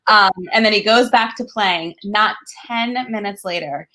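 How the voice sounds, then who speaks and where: A woman's voice: medium pitch, unhurried, sharp tone, low-quality recording. A woman guest on a podcast, telling a story about her son in a casual, amused way. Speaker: guest, parent.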